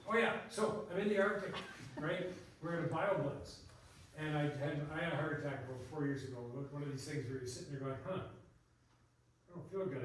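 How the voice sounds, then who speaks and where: A man's voice: medium pitch, a little hiss or hum. An older man, a botanist giving a public talk, telling rambling stories full of tangents and laughs. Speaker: guest speaker, botanist. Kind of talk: casual storytelling talk. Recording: echoey room, distant mic.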